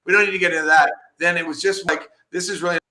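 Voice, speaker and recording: A middle-aged man, a comic book artist, telling stories in a casual interview, animated and laughing often as he acts out the people he quotes. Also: a little high, fast talker, crowd noise.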